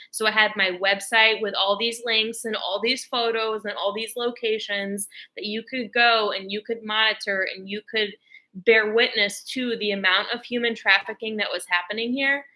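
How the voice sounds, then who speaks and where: A woman's voice: mid-range voice, pushed and bright, rough recording. A woman vlogger talking straight to camera in a casual, rambling rant, emphatic and heavy on filler words. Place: lives in Texas, speaking to camera.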